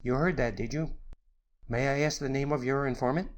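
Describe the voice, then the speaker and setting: A man's voice: steady tone, brisk, natural voice. A man voicing an irascible elderly professor in an audiobook, stiff, cold and suspicious. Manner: stiff and haughty, rising to high screaming rage. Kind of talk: audiobook character reading.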